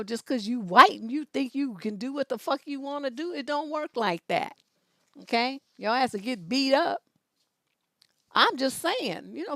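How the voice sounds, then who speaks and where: Fiery, profane woman with a gravelly voice. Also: on the high side, no echo. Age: 50s. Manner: loud, profane, fiery and emphatic. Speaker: advice show host. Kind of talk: blunt profane storytelling.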